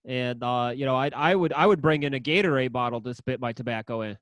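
A man's voice: mid-range voice, quick pace, a bit bright, dry recording. A man in crude, casual chat, telling rambling anecdotes with stammers and crude jokes.

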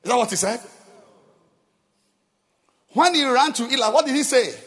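A male pastor preaching a sermon, animated and laughing, firing rhetorical questions at the congregation. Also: very high voice, moderate pace, long pauses, big-room sound.

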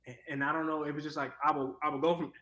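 A young actor from Cleveland talking casually in an interview, rambling with lots of fillers. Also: male voice, a little high, little pitch movement, racing, bright, forceful tone, echoey room, poor audio. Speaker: actor guest.

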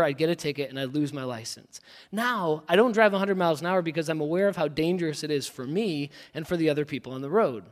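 A man in his thirties delivers a sermon in an easygoing, self-deprecating way, full of personal stories and casual asides. His voice sits fairly high for a man. The sound carries the long reverb of a large church hall. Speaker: pastor.

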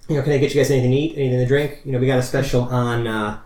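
A man's voice: mid-range voice, fairly even intonation, very fast, darkish tone, distant mic, natural voice. A man voicing a friendly tavern barman with a put-on old 1920s New York accent, in a roomy recording with faint noise.

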